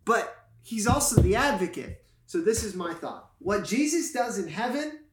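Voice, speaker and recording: A pastor who co-hosts a podcast walks through Bible passages casually, joking and explaining with playful enthusiasm. His voice sits high with big pitch swings at a normal speed, and the recording carries a roomy echo.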